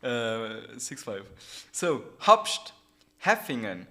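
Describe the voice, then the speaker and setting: A man with a Luxembourgish accent leads a casual comedy quiz, reading place names at an unhurried, careful pace. His voice is bright and clear, and his pitch rises and falls a lot as he teases his opponent and laughs along. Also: sing-song. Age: adult, a teacher. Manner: reads names deliberately, laughs often. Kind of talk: casual comedy game chat.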